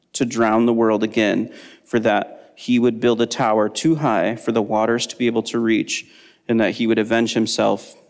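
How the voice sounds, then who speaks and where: Man, Bible study teacher, gravelly, explanatory, reverberant hall. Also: on the low side. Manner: explanatory, with frequent ums.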